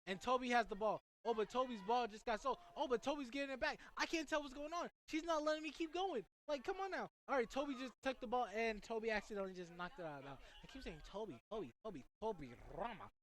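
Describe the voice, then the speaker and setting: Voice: mid-range voice, fast talker, few pauses, rough recording. Chatty young play-by-play commentator. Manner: chatty and rambling, with joking asides. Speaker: student sports commentator.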